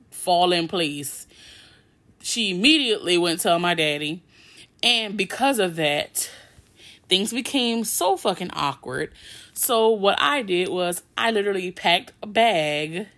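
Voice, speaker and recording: A young adult woman hosting a podcast, telling a personal story in a candid, casual way with lots of swearing. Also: on the low side. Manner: candid and heavy on swearing, with animated retellings. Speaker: podcast host.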